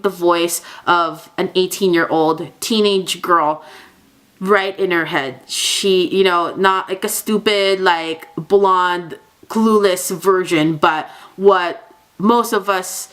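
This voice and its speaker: A young woman gushes through a casual book review vlog, chatty and full of little fillers. Her voice is bright and smooth, and she keeps the talk easy and enthusiastic as she speaks to her viewers. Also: medium pitch. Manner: gushing, chatty, many fillers like "oh my god".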